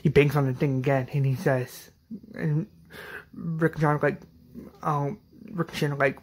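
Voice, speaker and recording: A man's voice: mid-range voice, flat delivery, normal speed, long pauses. A man hosting his channel, casually recapping a fan-series episode in a rambling way, full of ums, likes and restarts.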